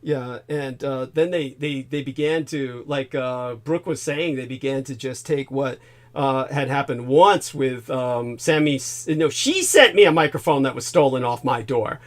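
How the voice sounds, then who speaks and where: A man hosting a livestream, telling a rambling, animated story with profanity in casual chat. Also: medium pitch, unhurried. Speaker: livestream host. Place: home.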